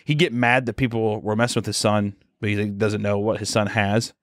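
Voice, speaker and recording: A man's voice: fairly low pitch, level tone, a little fast, no echo, studio quality. A young man co-hosting a casual comedy podcast, riffing and jumping into character voices as he tells scenes. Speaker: podcast co-host.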